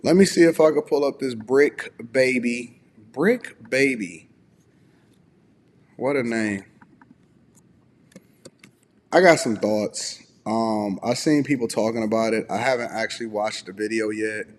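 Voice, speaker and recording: A man hosting a casual live stream from home, relaxed and a bit groggy with a slightly raspy voice, chatting and reading viewer messages aloud. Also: mid-range voice, measured pace, pauses often, in a large hall, slight background noise. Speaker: host.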